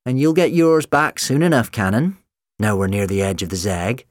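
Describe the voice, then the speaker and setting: Scheming robot woman played by a man, raised brisk delivery, audiobook villain. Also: mid-range voice, lively intonation, dry recording, studio quality, pitched above the performer's own voice, natural voice. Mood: cold scheming. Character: female killer robot posing as a woman, cold.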